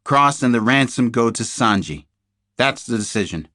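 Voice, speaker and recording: A man's voice: medium pitch, lively intonation, normal speed, pushed and bright, dry recording, clean studio sound. A male narrator voicing a stern FBI agent in charge, giving orders in a commanding way.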